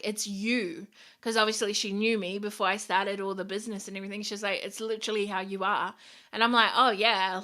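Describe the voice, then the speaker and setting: Bright-voiced woman, blunt and swearing. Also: medium pitch. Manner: blunt, frequent swearing, upbeat and direct. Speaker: podcast host. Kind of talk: casual motivational podcast talk.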